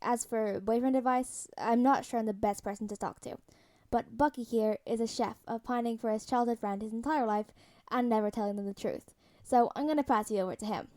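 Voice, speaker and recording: A woman's voice: a little high, brisk, hardly any pauses, dark tone, natural voice. A woman reading the lines of a brash, rambling, protective middle-aged man in a story read aloud. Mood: fatherly.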